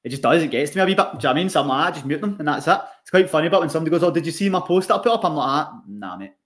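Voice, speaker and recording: A man's voice: fairly high pitch, very fast. A young Scottish man co-hosting a podcast, chatting casually with lots of swearing and laughter. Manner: animated, sweary, laughs often. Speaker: podcast co-host, online coach. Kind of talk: casual chat.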